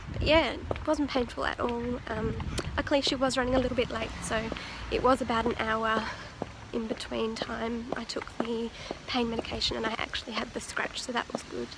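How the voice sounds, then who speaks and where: A woman's voice: fairly high pitch, fairly even intonation, fairly quick, background noise. A young woman chatting casually to her camera while out and about, with music behind her. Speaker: vlogger. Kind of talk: casual vlog narration. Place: car and outdoors in the street.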